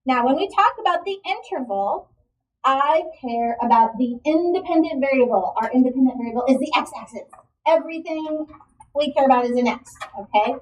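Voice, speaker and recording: A woman's voice: high-pitched, lively intonation, normal speed, far from the mic, poor audio. A woman teaching a math lesson, asking the class questions and encouraging the students' answers. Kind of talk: classroom lecture.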